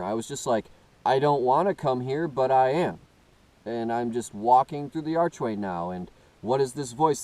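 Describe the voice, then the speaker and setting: A man earnestly telling a first-person story, halting and often restarting as he searches for words. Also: mid-range voice, darkish tone, rough recording. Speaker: personal testimony speaker.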